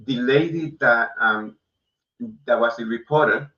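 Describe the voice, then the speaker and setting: Bright-toned halting male host. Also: mid-range voice. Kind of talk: casual chat. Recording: dull, roomy, far from mic.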